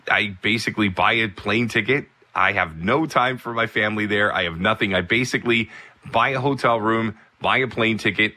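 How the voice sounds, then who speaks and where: A baseball broadcaster telling a casual personal anecdote, animated and full of asides. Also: male voice, lowish voice. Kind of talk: casual storytelling.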